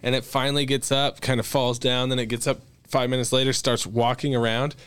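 Male podcast host, smooth clear voice, loose profane joker reading news. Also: mid-range voice, little pitch movement, a little fast, a bit bright. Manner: joking, profane, reads news items aloud. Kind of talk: casual podcast banter.

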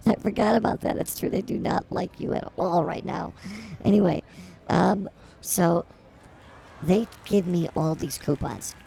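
Woman cohost rambling and teasing on a comedy podcast, low mellow voice with fry. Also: unhurried, a little hiss or hum. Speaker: podcast co-host. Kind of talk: improvised comedy podcast banter.

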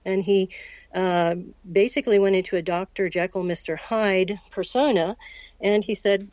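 A woman in her sixties from the United States, recounting a personal story as an interview guest in a measured way and acting out the dialogue. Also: mid-range voice, fairly even intonation, a little mellow, no room sound. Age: 60s. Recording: dull, lo-fi recording.

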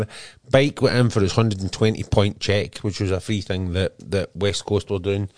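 Deep-voiced Scottish man chatting. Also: fairly even intonation, moderate pace, a little mellow, dry recording, studio quality. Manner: easygoing, peppered with "um". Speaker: podcast co-host. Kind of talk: casual chat.

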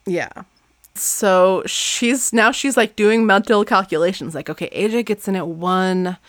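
A woman's voice: mid-range voice, measured pace, dry recording, clean studio sound. A young woman co-hosting a casual book podcast, laughing often and reading passages aloud. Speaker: podcast co-host.

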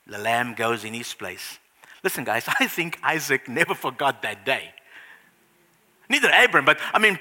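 Male preacher, sermon, animated storytelling, sweeping pitch, echoing church hall. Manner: animated storytelling, repeated restarts, swings to hushed. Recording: reverberant hall.

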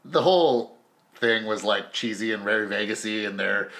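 A man's voice: fairly low pitch, normal speed, fairly bright tone. A young adult man in casual chat who swears a lot and laughs often as he tells a story.

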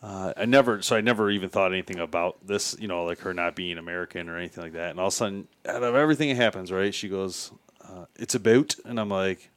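A man's voice: low voice, fast talker, a bit bright, slight background noise. Laid-back chatty male podcast host. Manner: chatty, laughs often, tells anecdotes. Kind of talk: casual interview chat.

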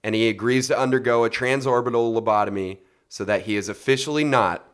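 A man with a mid-range voice hosts a casual movie podcast. He runs through plots and rating categories in a relaxed way, with jokey asides. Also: mid-range voice, a little fast. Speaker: podcast host.

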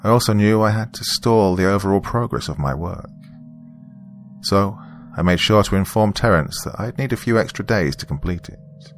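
A man narrating a first-person story in a calm, measured, reflective way. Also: on the low side, soft background music.

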